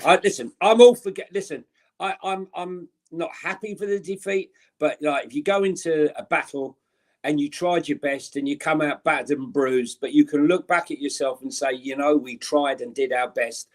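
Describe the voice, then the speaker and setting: A blunt, exasperated man co-hosts a casual fan podcast. His voice sits a touch high for a man, and he hammers his points home. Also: moderate pace. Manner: blunt and exasperated, ranting through stats. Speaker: podcast co-host.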